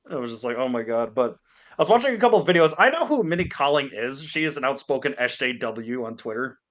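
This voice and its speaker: Brief: male podcast co-host on a call, bright, punchy, profane ranter. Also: medium pitch, quick pace. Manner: ranting, heavy swearing, animated impressions. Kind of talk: casual chat. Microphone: Discord call.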